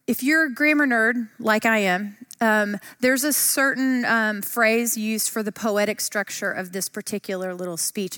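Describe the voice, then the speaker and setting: A woman's voice: mid-range voice, fairly bright tone. A woman teaching a Bible study lesson in a chatty, enthusiastic way. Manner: enthusiastic, chatty, uses fillers.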